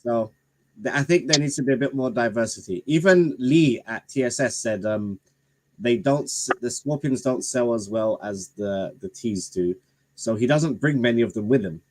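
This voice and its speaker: A man chats casually on a live stream, telling stories from his own experience and laughing freely between lines. His voice sits at an ordinary middle pitch. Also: normal speed, slight background noise. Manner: anecdotal, laughs often.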